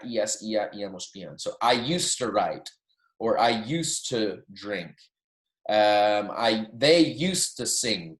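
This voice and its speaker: A man, a Spanish teacher, giving a recorded lecture and walking through verb endings, often checking in with "right?" and "okay?". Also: on the low side. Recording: echoey room.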